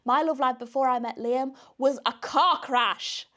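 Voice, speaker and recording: A woman's voice: high-pitched, measured pace, sharp tone. A young British woman with a British accent, hosting a podcast in a chatty, self-deprecating manner, often laughing at herself. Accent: British English. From Britain. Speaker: podcast host. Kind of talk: casual chat.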